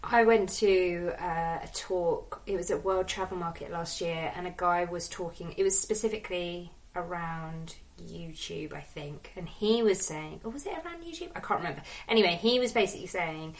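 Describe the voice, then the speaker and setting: A woman's voice: fairly low pitch, normal speed, few pauses, recorded from a distance, poor audio. A woman hosting a casual podcast interview, chatty and rambling. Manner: chatty, rambling, self-deprecating. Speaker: podcast host.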